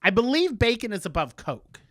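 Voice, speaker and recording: A man's voice: very high-pitched, very animated, moderate pace, a bit bright, no room sound, studio quality. A man co-hosting a casual chat podcast, recapping a show in a chatty, playful way. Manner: chatty, recaps plots with playful quoted voices. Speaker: podcast co-host.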